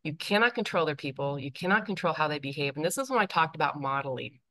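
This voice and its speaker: A woman's voice: low voice, lively intonation, quick pace, sharp tone. A woman presenting a live workshop, speaking emphatically, repeating her points and checking in with her listeners. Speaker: workshop presenter, teaching professor.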